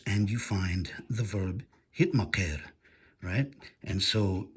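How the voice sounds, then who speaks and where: A man giving a methodical screen-share lecture on biblical grammar, pausing often with fillers and carefully reading out Hebrew phrases. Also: on the low side, slightly rough. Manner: methodical, hesitant with frequent fillers. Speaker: biblical language teacher.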